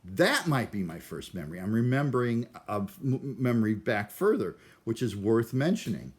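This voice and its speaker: A man's voice: mid-range voice, sing-song, moderate pace. A man from Cleveland rambling through a self-deprecating, neurotic vlog monologue. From Cleveland, USA. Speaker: vlogger.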